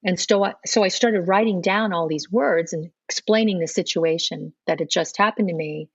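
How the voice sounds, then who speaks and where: A middle-aged woman, appearing as a podcast guest, earnestly tells her conversion story and acts out dialogue she remembers in this personal storytelling interview. Her voice is fairly low and slightly rough, at a moderate pace, recorded with no echo and the highs cut off.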